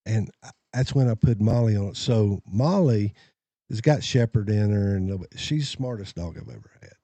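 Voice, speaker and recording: A man hosting a podcast, telling self-deprecating stories in a casual, animated way. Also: on the low side, moderate pace, no echo. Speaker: podcast host. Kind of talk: casual storytelling chat.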